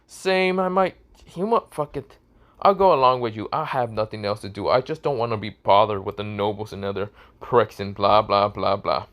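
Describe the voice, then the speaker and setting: A man's voice: on the low side, normal speed, a bit bright, natural voice. A man voicing a cocky, carefree young man who talks brashly and dismissively.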